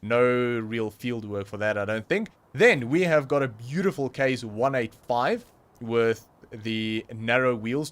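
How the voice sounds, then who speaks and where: A young South African man with a South African accent, chatting casually and rambling through a game livestream, with frequent ums and self-corrections. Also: mid-range voice. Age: young adult. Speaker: streamer.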